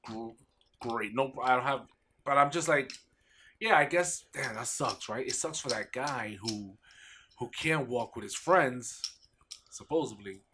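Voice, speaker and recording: A man hosting a casual podcast, teasing his co-host with quick jokes. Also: mid-range voice, sharp tone. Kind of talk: casual chat. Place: home basement studio.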